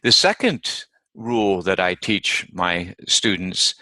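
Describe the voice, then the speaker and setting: A man teaching English pronunciation rules in a slow, deliberate lesson, modelling each example word by repeating it carefully. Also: deep voice, lively intonation, bright, forceful tone, no room sound. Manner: deliberate, models words by repeating them slowly.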